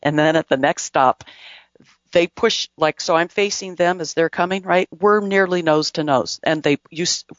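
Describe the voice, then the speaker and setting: A man's voice: on the high side, moderate pace, a bit bright, no room sound. A man hosting a casual talk show, rambling conversationally through travel stories and news items with restarts and asides. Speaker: podcast host. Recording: dull, dry lo-fi recording.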